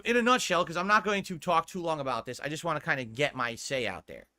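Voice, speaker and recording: A man's voice: on the high side, animated, fast, bright, forceful tone. A man, a streamer, ranting in exasperated, profane commentary in a clip played back by another streamer.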